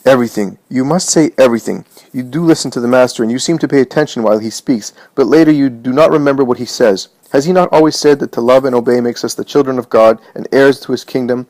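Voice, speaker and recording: A man's voice: mid-range voice, quick pace, hardly any pauses, a little mellow, dry recording, lightly acted. A man reading as fervent grieving woman Mary. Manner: impassioned, exhorting.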